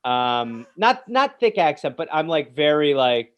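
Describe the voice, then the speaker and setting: A man's voice: fairly high pitch, big pitch swings, a little slow, lo-fi sound. Joking American man hosting a video call chat. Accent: Wisconsin. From Wisconsin, USA. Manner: joking, playful, slips into silly English voices. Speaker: podcast host. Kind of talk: casual chat.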